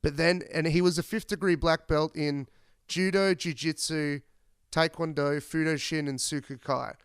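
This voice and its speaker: A podcast host telling rambling, profane stories in casual chat. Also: male voice, on the high side, fairly even intonation, normal speed, clean tone, no echo, clean studio sound. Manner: rambling, profane, laid-back.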